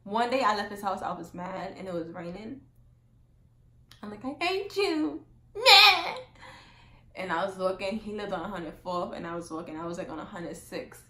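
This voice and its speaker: A young woman telling a casual storytime monologue as a vlogger, chatty and full of "like", acting out quotes loudly. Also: lowish voice, brisk, few pauses, echoey room.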